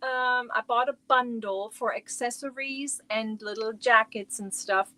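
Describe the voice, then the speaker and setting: A woman's voice: a little high, steady tone, measured pace, sharp tone. A middle-aged woman chatting casually on her crochet livestream from home, rambling and talking to viewers by name.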